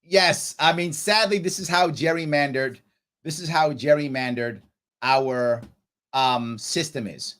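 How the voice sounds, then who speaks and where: A man's voice: a little high, unhurried, a bit bright. A man hosting a political livestream, reading chat comments aloud and answering them bluntly, at times scolding a commenter heatedly. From New York. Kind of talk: live-stream talk reading chat comments.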